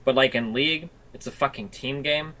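Young guy streamer ranting, lots of "like" and swearing, really bright tense voice. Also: medium pitch, moderate pace, poor audio. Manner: profane rambling rant with constant filler words. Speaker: streamer hosting a chat. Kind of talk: casual chat.

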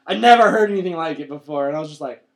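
A man's voice: fairly high pitch, animated, very fast, gravelly. A young man co-hosting a podcast, telling a story in a rambling, laughing way full of filler words. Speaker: podcast co-host. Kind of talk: casual podcast chat.

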